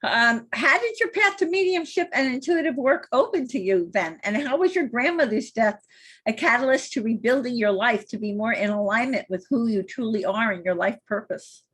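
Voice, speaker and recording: A woman with a slightly raised, husky voice hosts an interview podcast from her home studio. She reads her introductions in a measured, formal way and asks careful questions. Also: on the high side, animated, a bit bright. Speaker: podcast host. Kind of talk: interview hosting.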